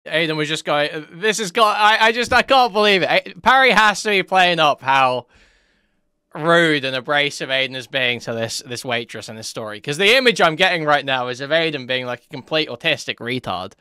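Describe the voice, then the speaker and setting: Male commentary host, casual reaction style, bright tense voice, dry close sound, incredulous and mocking. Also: on the high side, normal speed, clear, resonant tone, dry recording.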